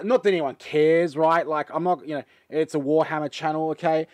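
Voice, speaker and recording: A man's voice: fairly high pitch, brisk, no room sound. Rambling Australian man, dry close mic. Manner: rambling, filler-heavy and excitable. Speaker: channel host. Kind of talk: casual chat reacting to a game trailer.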